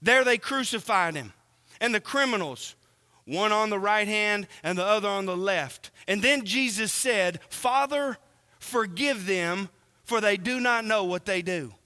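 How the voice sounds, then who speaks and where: A man preaching a sermon, slow and earnest, asking the congregation questions as he reads from scripture. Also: high-pitched, expressive, sharp tone, clean tone, long reverb tail.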